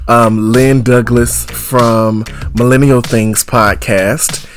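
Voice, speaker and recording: A man co-hosting a casual podcast, his voice worn down from singing at church all day, lively and quick to break into song. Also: mid-range voice, soft background music. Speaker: podcast co-host. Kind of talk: casual chat.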